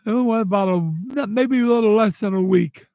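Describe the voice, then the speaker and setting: A man's voice: sits high, normal speed, no echo, phone-quality sound. An older man telling a personal story in a casual, angry and blunt way, swearing freely. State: upset. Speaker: vlogger telling personal stories.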